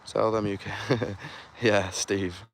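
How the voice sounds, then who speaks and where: Low-voiced man livestreaming outdoors. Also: level tone, takes it slowly. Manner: chatty, quietly conspiratorial, reads comments aloud. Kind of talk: live outdoor stream reading chat comments. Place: outdoor car park at night. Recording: clear outdoor urban noise.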